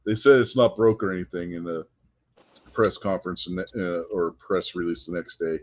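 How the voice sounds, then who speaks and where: A man with a lowish voice chats casually on a wrestling podcast, recounting stories with animated energy and frequent laughter. The sound is dry and dull, like lo-fi podcast audio. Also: moderate pace, dry recording. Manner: animated storyteller, laughs often. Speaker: podcast co-host.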